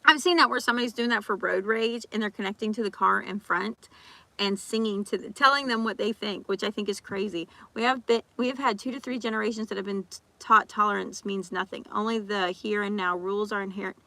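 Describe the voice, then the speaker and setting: Bright, gravelly-voiced woman ranting. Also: medium pitch, no echo. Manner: animated, ranting, acts out quoted people; talks fast with restarts and repeats. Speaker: vlogger. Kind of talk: casual chat.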